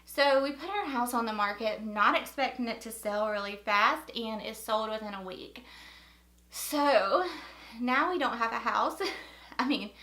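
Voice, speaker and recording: Beauty vlogger, woman, 30s, North Carolina accent, upbeat and chatty, a touch high. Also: measured pace, sharp tone, reverberant. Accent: North Carolina Southern. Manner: chatty, upbeat, repeats words for emphasis. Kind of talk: casual makeup tutorial chat.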